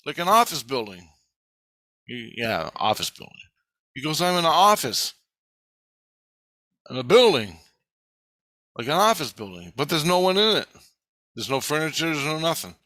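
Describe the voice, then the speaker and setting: A man's voice: on the high side, big pitch swings, normal speed, long pauses, bright, forceful tone, no room sound. A man casually telling a first-person story, swearing freely and acting out the quoted dialogue as he goes. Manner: profane, retells events with acted-out quoted dialogue.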